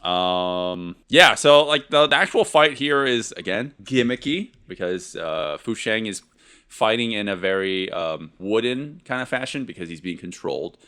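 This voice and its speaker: A man's voice: fairly low pitch, animated, moderate pace, pushed and bright, clear, resonant tone. A man co-hosting a podcast, rambling and sarcastic in a casual film discussion, laughing often. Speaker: podcast co-host. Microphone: podcast mic.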